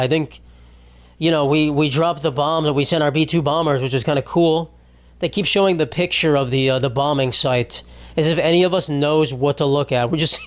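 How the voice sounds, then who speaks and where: A young adult man hosting a podcast, rambling in a crude, sarcastic comedic monologue. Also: fairly high pitch. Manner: crude, sarcastic, rambling with mocking put-on voices. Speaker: podcast host.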